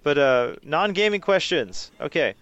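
A man's voice: fairly high pitch, a little slow, lo-fi sound. An American man hosting a gaming podcast, chatting casually and reading listener emails aloud. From United States. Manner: lively, reads questions aloud. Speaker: podcast host.

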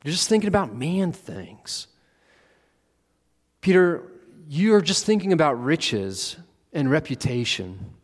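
A man's voice: a little high, very animated, slow, in a large hall. A man preaching a conversational sermon, acting out the disciples with playful asides.

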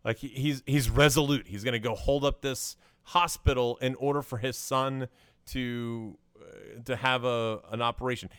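Male podcast co-host of middle pitch, thoughtful and explanatory, recorded dry and close. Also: steady tone, clean tone, no room sound. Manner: measured, explanatory, with hesitations. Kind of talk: casual movie chat.

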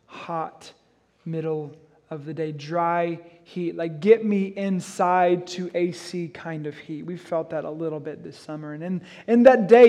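High-voiced man preaching casually. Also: darkish tone. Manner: casual, conversational asides mixed with reading scripture. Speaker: pastor. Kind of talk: expository sermon.

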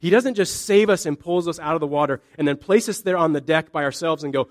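A man preaching in church as a pastor, building up his points through repeated emphatic phrases. His voice sits a little higher than most men's. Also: expressive, fast, hardly any pauses. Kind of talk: sermon.

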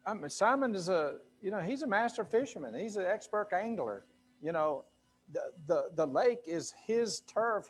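A male pastor preaching to a live congregation in a loose, conversational way, full of fillers and asides. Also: sits high. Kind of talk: sermon. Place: church sanctuary with a live congregation.

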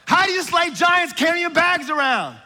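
A man preaching a sermon with passion, building to shouts on key lines. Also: very high-pitched, very animated, moderate pace, long reverb tail.

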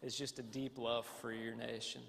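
A man's voice: mid-range voice, flat delivery, normal speed, gravelly, a bit bright. A man with a Southern American accent, a guest pastor opening a sermon in a folksy, self-joking way. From United States. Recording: long church hall reverb.

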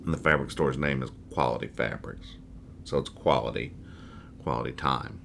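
A man hosting a casual podcast, reading and explaining comic strips in a wry, rambling way that trails off quietly after jokes. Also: rumbling low, fairly even intonation, moderate pace, vocal fry.

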